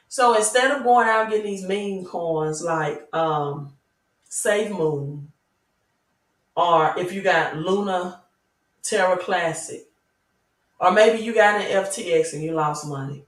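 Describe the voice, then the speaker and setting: A woman's voice: mid-range voice, fairly bright tone. A Southern-accented woman hosts a livestream and talks at viewers in an emphatic, preachy way, with rhetorical questions like "right?" throughout. She sits back from the mic. Her voice rings in a roomy, echoing space. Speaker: crypto channel host. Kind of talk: livestream talk reading chat. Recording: roomy echo, mic at a distance.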